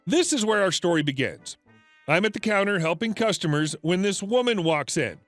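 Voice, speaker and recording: A man's voice: sits high, expressive, normal speed, fairly bright tone, dry recording. A man narrating a retail story in a scripted, matter-of-fact reading. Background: faint background music.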